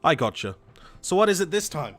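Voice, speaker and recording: A man's voice: a little high, sing-song, brisk, fairly bright tone, no room sound, faint music behind. A man voicing a cheerful, teasing teenage girl in a game, the playful younger sister. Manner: bouncy, teasing.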